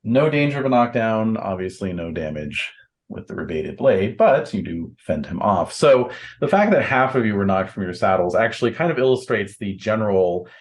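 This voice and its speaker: A man narrating as game master of a tabletop game, unhurried, with many fillers and restarts. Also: fairly low pitch, big pitch swings.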